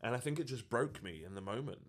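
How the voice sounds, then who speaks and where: A man's voice: medium pitch, animated, fast. A man, a social media creator, telling a personal story in an earnest, reflective way. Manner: earnest and reflective, with frequent fillers. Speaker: TikTok creator.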